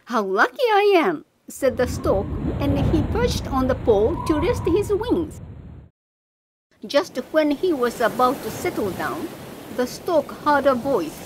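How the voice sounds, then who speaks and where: A woman narrates a fable in a slow, expressive storybook manner. Her voice sits high and swings widely in pitch. Steady background noise hisses under the recording. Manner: slow, expressive read-aloud.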